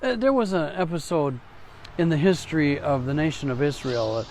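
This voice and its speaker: A man's voice: on the high side, expressive, brisk, darkish tone, a little hiss or hum. A man giving a short devotional message as a church pastor, in a conversational way with small restarts and playful asides.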